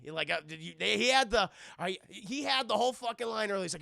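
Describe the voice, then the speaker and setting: Male streamer, profane and animated commentary, raspy-gravelly, bright tone. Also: high voice, fast talker, dry recording, studio quality. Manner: profane, animated, talks to his chat. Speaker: streamer reviewing a film. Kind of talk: casual live-stream movie commentary.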